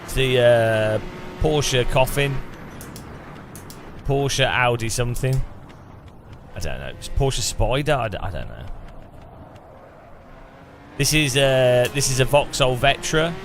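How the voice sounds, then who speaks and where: A man's voice: medium pitch, slow pace, pauses often, noisy background. An English man from England, streaming a racing game and chatting casually in a rambling way, often restarting his sentences. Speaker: gaming streamer. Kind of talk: casual chat over racing gameplay.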